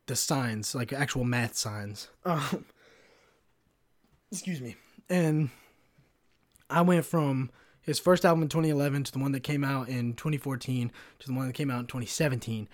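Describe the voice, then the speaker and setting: Profane young man ranting solo. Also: medium pitch. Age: 20s. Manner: profane, rambling and heated; casual, filler-heavy. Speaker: podcast host. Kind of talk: solo podcast rant.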